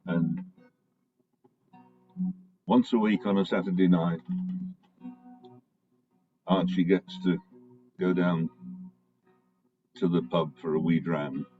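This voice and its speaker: A man introducing a folk song, telling its story slowly and hesitantly. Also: sits low, steady tone, mellow. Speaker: folk singer. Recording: dull home recording with guitar.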